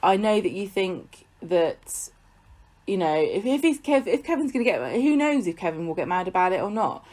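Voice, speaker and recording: A woman co-hosting a podcast, recapping a soap in casual chat with an opinionated, animated manner. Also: medium pitch, normal speed. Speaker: podcast co-host.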